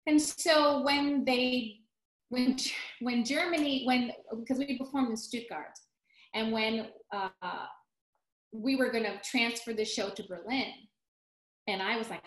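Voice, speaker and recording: A woman's voice: fairly high pitch, measured pace, echoey room, poor audio. A woman actress telling her career story in a casual interview, acting out quotes along the way. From United States. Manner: animated storyteller, acts out quotes, restarts often. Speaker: guest, musical theater actress.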